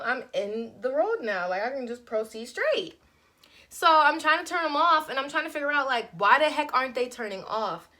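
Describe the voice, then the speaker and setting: A young woman vlogger telling a storytime in a casual chat, acting out her own quoted lines with lively swings. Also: medium pitch. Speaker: beauty vlogger.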